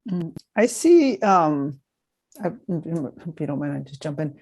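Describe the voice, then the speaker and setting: A woman professor speaking over a video call with a mellow, dark tone. She talks earnestly, pausing and searching for words as she works through her answer. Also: low-pitched, expressive, slightly rough. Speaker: history professor, panel guest. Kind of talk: casual reflective discussion.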